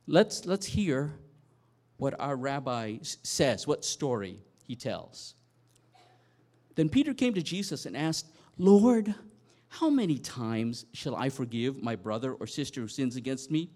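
A man preaching a sermon, telling a Bible story with animated storytelling and dramatic swings in loudness. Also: medium pitch, unhurried. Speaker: pastor.

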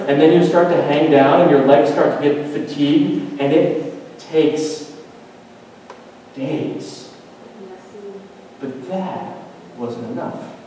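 A man preaching a sermon, building to intense climaxes and dropping to hushed, quiet emphasis. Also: a little high, slight background noise. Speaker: pastor. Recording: roomy hall reverb, mic at a distance.

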